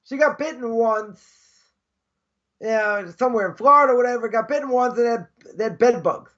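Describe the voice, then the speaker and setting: Rabbi guy with a really high voice telling stories in class, kinda dull lo-fi audio. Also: fairly quick, fairly bright tone. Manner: chatty, anecdotal, repeats phrases for emphasis. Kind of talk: informal Torah class with storytelling.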